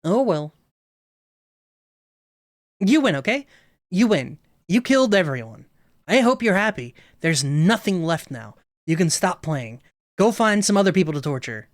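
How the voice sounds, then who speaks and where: A man's voice: on the high side, expressive, normal speed, long pauses, no echo, studio quality. Man reading as a heartbroken young woman. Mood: bitter. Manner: reading a game character's lines aloud.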